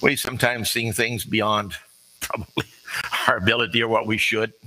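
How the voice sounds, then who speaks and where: A man's voice: lowish voice, fairly even intonation, normal speed, sharp tone, poor audio. A man preaching an earnest, conversational sermon with folksy asides.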